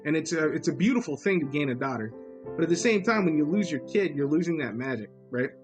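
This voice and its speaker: A man's voice: a little high, animated, fast talker, over music. A man in his thirties co-hosting a podcast, rambling and crude, joking about family life with many restarts. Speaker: podcast co-host. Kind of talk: casual chat.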